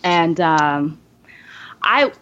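Low-voiced woman telling a story, lo-fi. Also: drawn-out words, noisy background. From Southern United States. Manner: animated storyteller who voices the people in her story. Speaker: podcast panelist. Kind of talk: casual roundtable storytelling. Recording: dull lo-fi podcast audio.

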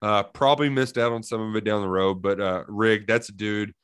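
A man co-hosting a casual sports podcast, telling stories in an animated way and laughing often. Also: on the low side, brisk, clear, resonant tone. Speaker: podcast co-host.

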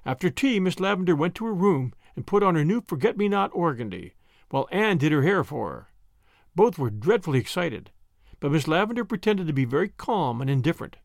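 Expressive male audiobook narrator. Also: on the high side, a little fast, gravelly, no room sound, clean studio sound. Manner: expressive storytelling.

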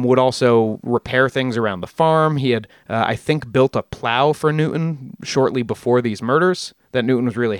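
This podcast host is a man telling stories casually in a clear, resonant, ordinary mid-pitched voice. He rambles, corrects himself, and tosses in jokey asides, recorded dry and close to the mic.

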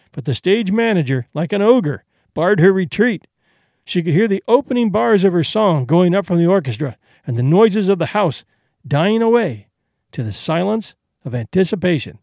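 A man narrating an audiobook with expressive storytelling. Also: high voice, creaky, no room sound, clean studio sound.

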